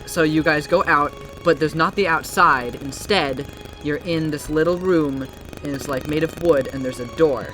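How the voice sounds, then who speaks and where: A game master narrating a tabletop game in a rambling, halting way full of fillers. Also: medium pitch, fairly bright tone, soft background music, low-quality recording. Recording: background noise.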